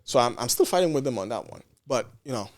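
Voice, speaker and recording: A man's voice: medium pitch, animated, quick pace. A man from Canada, a nurse and podcast guest, telling a story in casual chat and acting out quoted exchanges with frequent restarts.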